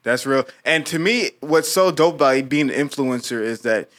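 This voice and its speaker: A man hosting a casual podcast, talking with energetic, playful slang. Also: medium pitch, normal speed. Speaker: podcast host.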